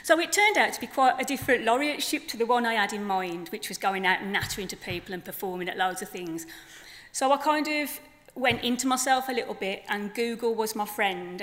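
A woman's voice: mid-range voice, a bit bright. A woman poet with a Black Country accent, chatting easily between poems. Her tone is self-deprecating and down to earth. The sound rings with a long hall reverb. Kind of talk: live poetry reading with chat. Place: festival venue.

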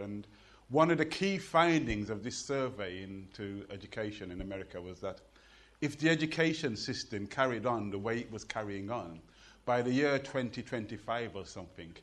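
A middle-aged man with a Birmingham Jamaican accent, telling jokes and stories and reciting poetry on stage in an animated, rhythmic way. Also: lowish voice. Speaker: poet and performer. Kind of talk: live storytelling and poetry performance.

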